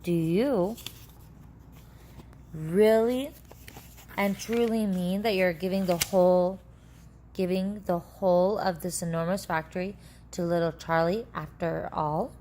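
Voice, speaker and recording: An amazed old grandfather who stammers and pleads, as a woman reading a storybook voices him. His voice sits fairly low and rises when he gets worked up. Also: fairly even intonation, slow, long pauses, dark tone, slight background noise. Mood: pleading. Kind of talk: children's book read aloud.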